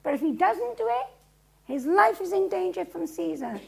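A woman preacher with a gravelly voice, dramatically retelling a story to a live audience. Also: very high-pitched, expressive, moderate pace, poor audio.

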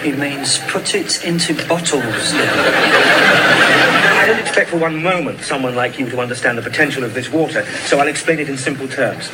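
An actor playing a sarcastic, exasperated younger brother, in a sitcom clip with background noise. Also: male voice, mid-range voice, normal speed, natural voice. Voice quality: sarcastic, condescending.

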